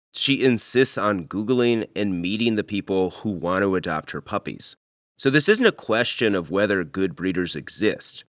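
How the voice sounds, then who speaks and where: Low-voiced man narrating an investigation. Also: a bit bright, no room sound, studio quality. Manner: measured, earnest storytelling. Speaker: podcast host and reporter.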